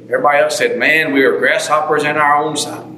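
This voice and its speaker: A man preaching a fervent sermon, swinging between loud and soft and repeating his phrases. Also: on the high side, fairly even intonation, fast talker, a little hiss or hum. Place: church sanctuary. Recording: roomy echo.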